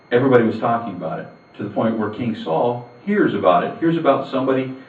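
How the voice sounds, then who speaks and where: A man preaching in a church hall, his low voice recounting a Bible story in a chatty, storytelling manner. The room rings around him, he sits far from the mic, and the sound is narrow and phone-like. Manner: storytelling, conversational with asides. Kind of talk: sermon retelling a Bible story.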